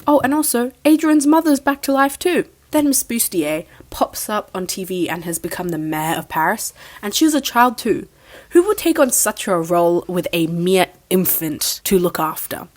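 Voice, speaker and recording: A woman's voice: medium pitch, lively intonation, normal speed, darkish tone. A young woman giving a casual, sarcastic recap review of a cartoon finale, mocking the plot as she goes. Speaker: show reviewer.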